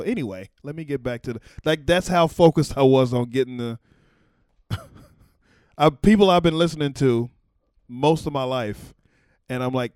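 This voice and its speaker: A man's voice: medium pitch, moderate pace, pauses often, a little mellow, clear, resonant tone, no room sound, studio quality. Rambling man telling a casual story. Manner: loose, rambling, profane, laughing asides. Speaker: former White House camera operator.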